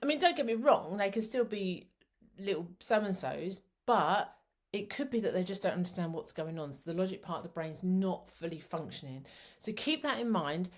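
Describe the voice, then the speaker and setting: A woman's voice: fairly low pitch, lively intonation, moderate pace. Chatty woman explaining to parents. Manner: chatty, rambling, self-described waffler. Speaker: psychotherapist and parenting coach. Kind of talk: casual teaching talk.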